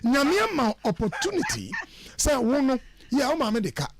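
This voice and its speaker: A man speaking as a guest on a radio show, giving lively, preachy advice on how to order your life and mixing English phrases into his speech. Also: very high-pitched, normal speed, noisy background. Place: radio studio.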